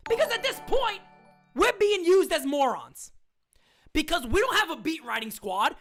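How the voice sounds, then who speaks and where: A woman hosting a fan live stream, ranting in a fiery, profane way, often shouting and repeating lines for emphasis. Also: very high-pitched, very animated, moderate pace, faint music behind. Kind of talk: heated live-stream rant.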